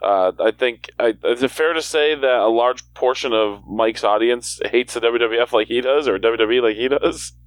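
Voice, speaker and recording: A man co-hosting a casual podcast, wry and quick to laugh, stammering a bit when he argues. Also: mid-range voice, no echo. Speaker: podcast co-host.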